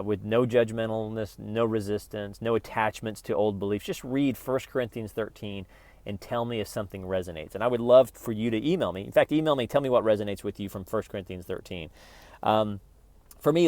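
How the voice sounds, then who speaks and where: A man's voice: fairly low pitch, a little mellow, no echo. A middle-aged man hosting his own channel, giving a casual, joking spiritual self-help talk that often restarts mid-sentence. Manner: conversational and joking, with frequent restarts. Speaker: YouTube channel host.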